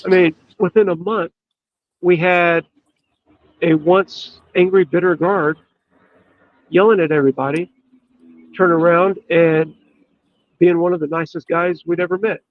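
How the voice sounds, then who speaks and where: A man, a podcast guest, telling a story in an earnest, emphatic way with drawn-out pauses. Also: sits high, steady tone, dry recording. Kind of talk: storytelling in casual chat. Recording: dull, lo-fi dry sound.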